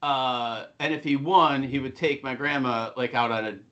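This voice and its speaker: A man's voice: mid-range voice, fairly even intonation, normal speed, fairly bright tone, muffled recording. A middle-aged man co-hosting a podcast, telling rambling, profane stories in casual chat. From Buffalo, New York. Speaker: podcast co-host.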